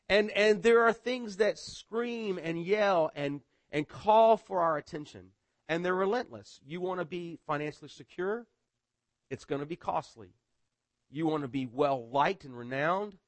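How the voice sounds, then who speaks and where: Conversational pastor with a fairly high voice. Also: male voice, dry recording. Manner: conversational, repeats words, often asks "right?". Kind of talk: sermon.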